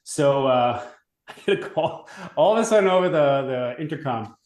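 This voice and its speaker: A man from Long Island telling school stories in casual chat, animated, swearing freely and laughing as he goes. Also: mid-range voice, moderate pace. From Long Island, New York. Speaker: podcast guest. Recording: roomy echoey room.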